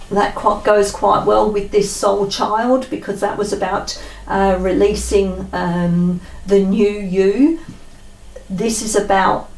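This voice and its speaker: Woman card reader, slow and gentle oracle reading, roomy sound, mic set back from her. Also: mid-range voice, vocal fry, far from the mic. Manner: slow, gentle, pausing with fillers.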